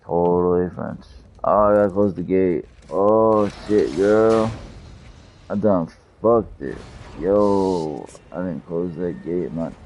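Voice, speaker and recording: Gravelly deep-voiced profane streamer. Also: male voice, slow, a little mellow, slight background noise. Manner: profane, joking banter. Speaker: gameplay streamer. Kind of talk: casual gameplay commentary.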